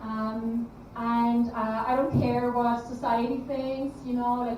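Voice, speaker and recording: A woman's voice: on the high side, little pitch movement, slow, few pauses, warm tone, far from the mic, muffled recording, slight background noise. A young woman performing stand-up comedy on a club stage, chatty and self-deprecating, with many ums and restarts. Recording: echoey room, mic heard from afar, crowd.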